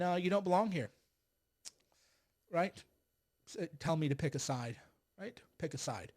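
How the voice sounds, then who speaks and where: A man giving political commentary on a livestream, talking in a heated, rambling and sarcastic way. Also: high-pitched. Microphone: streaming setup.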